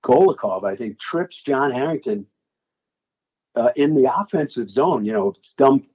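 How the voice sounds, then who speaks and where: Older man, lively husky storyteller. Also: mid-range voice, unhurried, lo-fi sound. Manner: dramatic, re-enacts his own play-by-play calls. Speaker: sportscaster recalling a game he called. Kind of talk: animated storytelling interview.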